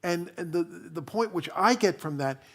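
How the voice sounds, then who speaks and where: A minister giving a sermon in a chatty storytelling way, full of fillers and restarts. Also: male voice, high-pitched, animated, normal speed, a bit bright.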